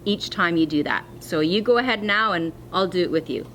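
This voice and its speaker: A woman teaching a phonics lesson to young children, speaking slowly and clearly with encouragement. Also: fairly low pitch, a bit bright, a little hiss or hum. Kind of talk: distance-learning phonics lesson.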